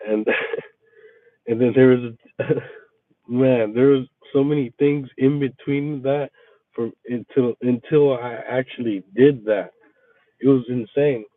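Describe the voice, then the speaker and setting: A man's voice: medium pitch, unhurried, pauses often, no room sound. Venting man on a tinny line. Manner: profane, animated venting. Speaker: resort maintenance worker chatting with viewers. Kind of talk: casual storytelling chat. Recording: tinny phone-like, dry sound.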